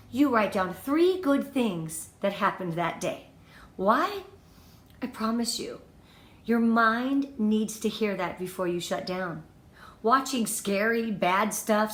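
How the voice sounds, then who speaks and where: Heard in a roomy space, a direct sales team leader with a fairly bright, somewhat high voice gives her team an upbeat training talk. She stresses her points emphatically, listing tips and repeating the key ideas.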